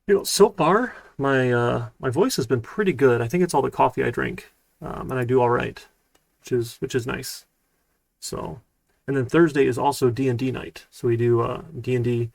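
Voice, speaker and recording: Speaking at medium pitch with vocal fry, this male college programming instructor delivers a relaxed, rambling live-streamed lecture packed with fillers. There's no room sound.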